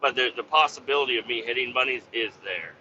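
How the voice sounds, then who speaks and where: Host, male, sharp bright voice, swears and rambles, slightly muffled lo-fi recording. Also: medium pitch, fast, slight background noise. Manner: profane, rambling, full of fillers. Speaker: podcast host. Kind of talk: casual rambling monologue.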